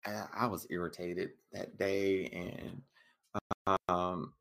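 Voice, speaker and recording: A man as an interview guest, giving measured, plainspoken answers that he lays out point by point. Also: low voice, fairly even intonation, gravelly, fairly bright tone. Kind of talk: casual interview chat.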